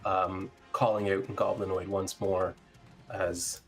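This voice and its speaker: A man with a lowish voice narrates a tabletop game as game master, unhurried and easygoing. He fills pauses with ums and the odd chuckle while soft music plays underneath. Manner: relaxed, with fillers and chuckles.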